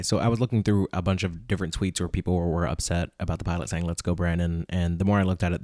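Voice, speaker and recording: A young man with a low voice hosts his podcast, reading tweets out and answering them in a casual, incredulous rant. Now and then he slips into mock voices. The sound is dry and close to the mic. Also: a little mellow, no echo. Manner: incredulous, ranting, mock voices for imagined people. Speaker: podcast host.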